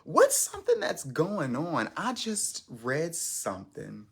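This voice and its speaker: A man's voice: fairly high pitch, wildly swooping pitch, slow, vocal fry, fairly bright tone, slightly rough. A man hosting his first live stream, chatting casually in a rambling, self-conscious way with lots of restarts.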